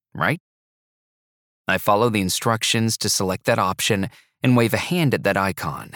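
A man narrating an audiobook in the first person, with a measured, even storytelling delivery. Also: on the low side, dry recording, clean studio sound.

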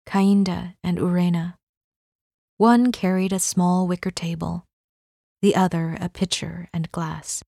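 A woman narrating a novel as an audiobook reader, in measured, unhurried storytelling. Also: fairly low pitch, gravelly, a little mellow, no room sound, studio quality. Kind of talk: scripted narration.

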